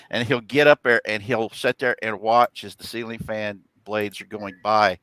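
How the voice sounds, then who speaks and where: A middle-aged man chatting on a home live stream, his voice bright and forward. The sound is dry and close, with no room echo. He wanders through long stories and breaks into laughter often. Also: medium pitch. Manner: rambling storyteller, laughs often. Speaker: host, father. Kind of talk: casual chat on a test live stream.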